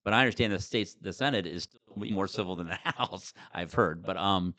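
A middle-aged man from Maryland, a former state senator, talking animatedly in a casual political conversation, with many restarts. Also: low-pitched. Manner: animated, talks fast, with frequent restarts.

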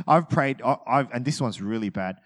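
Humorous, conversational male pastor preaching. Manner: conversational and humorous, acting out little scenes; swings from loud bursts to quiet low asides. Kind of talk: sermon.

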